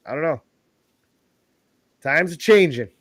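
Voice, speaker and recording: A man's voice: on the high side, animated, slow pace, a bit bright, no echo. A man co-hosting a podcast in casual chat, laid-back and telling crude jokes and stories. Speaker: podcast co-host.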